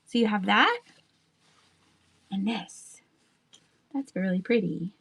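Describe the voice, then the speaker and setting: Chatty woman host on a live selling stream, laughs a lot, rambles and trails off, thinks out loud. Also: mid-range voice, expressive, slow pace, gravelly, husky. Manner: asides and trailing sentences. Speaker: live online seller. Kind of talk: live-stream sales chat.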